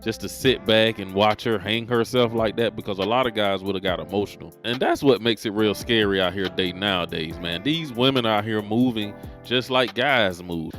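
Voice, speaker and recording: A male podcast host gives blunt, opinionated commentary in a fairly low voice. Faint guitar music plays behind him. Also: a bit bright.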